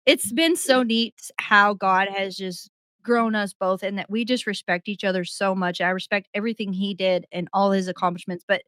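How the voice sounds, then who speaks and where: A young adult woman, a podcast guest, telling a story in animated casual chat and laughing as she goes. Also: mid-range voice, normal speed, smooth, dry recording.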